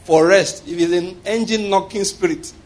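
A man's voice: high voice, normal speed, a little mellow. A man preaching a sermon with humor, often laughing and calling for responses from the congregation.

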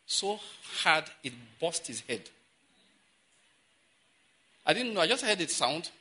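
A man preaching to his congregation, breaking into an animated personal story and asking the listeners rhetorical questions. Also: fairly high pitch, takes it slowly, husky. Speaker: pastor.

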